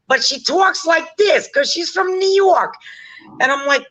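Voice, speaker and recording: A woman on a casual chat stream, telling stories in an animated way and acting out quotes. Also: high voice, moderate pace, low-quality recording. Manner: animated, laughing, acts out quotes.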